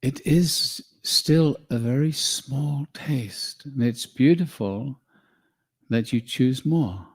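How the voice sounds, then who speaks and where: A man giving a slow, calm spiritual teaching, speaking in measured phrases and calling his listeners "beloved". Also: mid-range voice, breathy edge.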